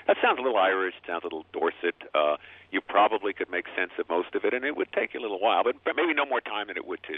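Deep-voiced male linguist guest, stammering restarts, thin phone-line sound, dry. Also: lively intonation, breathy edge, no room sound. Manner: halting, repeats words often. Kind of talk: radio call-in conversation.

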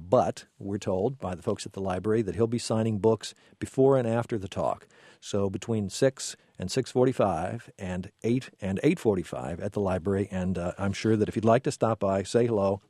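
A man hosting a radio talk show, speaking in a measured way with frequent fillers and self-corrections. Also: fairly low pitch, mellow, no echo, studio quality. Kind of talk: radio interview.

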